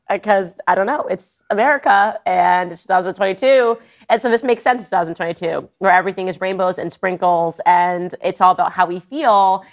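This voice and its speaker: Sarcastic woman political commentator. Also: medium pitch. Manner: mocking, sarcastic, animated.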